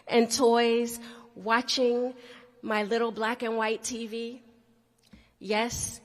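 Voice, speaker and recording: A woman's voice: a little high, big-room sound. A woman telling a playful personal story to a student audience, often speaking to the crowd directly. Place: large hall.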